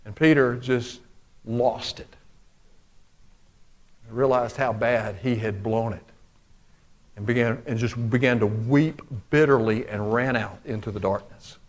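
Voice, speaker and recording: A man preaching a sermon in a folksy, conversational way, swinging between loud emphatic passages and hushed low ones. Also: steady tone, measured pace, long pauses. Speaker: pastor.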